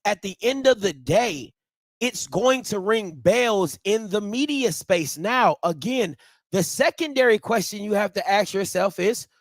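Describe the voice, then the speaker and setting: A man with a Baltimore accent hosts a sports talk show in an unusually high voice. He talks in rapid, emphatic bursts and breaks into shouts. The sound is dry and close. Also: animated, dry recording. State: out of breath. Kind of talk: excited sports commentary with call-ins.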